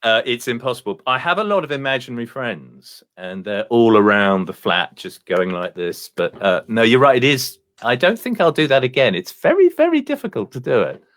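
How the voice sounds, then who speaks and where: A man telling a run of one-liner jokes in a deadpan way, slowing for the punchlines, then chatting as a guest on a video call. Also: mid-range voice, no echo. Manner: deadpan joke delivery with slow punchlines. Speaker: comedian guest.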